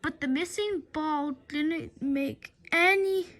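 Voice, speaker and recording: A woman reading a children's book aloud in a lively storytelling way, often stumbling and restarting her words. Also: high voice, takes it slowly.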